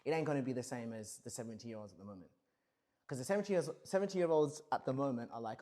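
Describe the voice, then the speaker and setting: A man's voice: mid-range voice, lively intonation, racing, mellow. A man in his thirties musing casually and profanely on a livestream, rambling through big questions. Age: 30s. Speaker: streamer.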